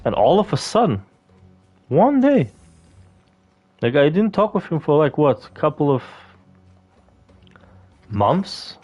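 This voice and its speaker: A man's voice: fairly high pitch, big pitch swings, slow, long pauses, darkish tone. Rambling, profane man over game music. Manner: rambling, profane, lots of fillers and restarts. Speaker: gaming video creator. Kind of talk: casual gameplay commentary.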